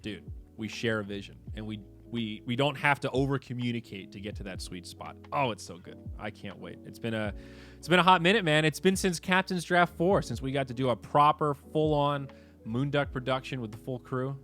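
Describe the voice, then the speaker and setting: A man hosting a casual livestream chat, animated and swearing, moving between low mutters and excited outbursts. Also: brisk, faint music behind. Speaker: streamer host.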